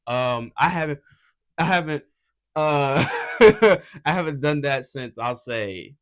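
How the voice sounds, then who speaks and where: A man's voice: a little high, animated, slow pace, a bit bright, clean tone. A young man from Atlanta, an unsigned model, chatting casually to camera in a loose, slangy, rambling way. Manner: laid-back slangy rambling, full of "you feel me". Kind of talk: casual vlog chat.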